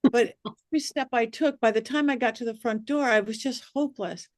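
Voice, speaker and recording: Lively woman medium telling stories. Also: a little high, brisk, dry recording, clean studio sound. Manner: lively, acts out quoted voices. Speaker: guest psychic medium. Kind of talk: animated storytelling in a podcast interview.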